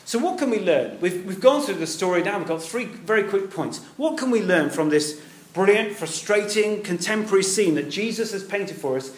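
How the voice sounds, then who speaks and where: Guy giving a sermon, acts out the voices, kinda high voice, echoey church hall. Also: normal speed. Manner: animated, acts out quoted voices, asks the congregation questions. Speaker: preacher.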